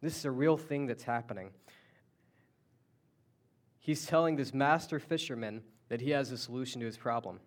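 A man's voice: medium pitch, moderate pace, long pauses. A man preaching a sermon, telling the story conversationally with restarts and asides. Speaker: pastor.

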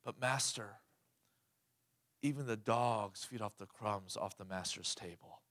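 A man's voice: on the high side, a little slow, a bit bright. A man preaching who voices a desperate mother begging for help, in an insistent, pleading tone.

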